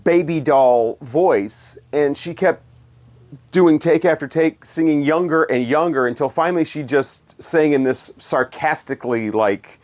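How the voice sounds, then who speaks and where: A man's voice: fairly high pitch, unhurried, darkish tone. A man giving a casual spoken album review in a sarcastic, dismissive, rambling way.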